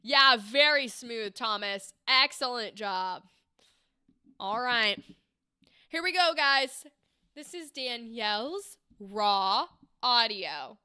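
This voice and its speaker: Bubbly high-voiced woman host. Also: expressive, slow, pushed and bright, clean tone, dry recording, clean studio sound. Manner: bubbly, encouraging, chatty. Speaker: livestream host giving voice acting critiques. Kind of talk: casual livestream critique.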